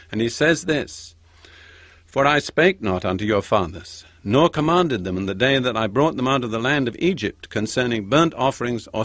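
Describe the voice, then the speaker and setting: A man preaching a measured sermon, leaning hard on each line of scripture he reads. His voice sits at an ordinary middle pitch. The sound is dry and close, with no room around it. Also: a bit bright, no echo. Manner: measured, emphatic scripture reading.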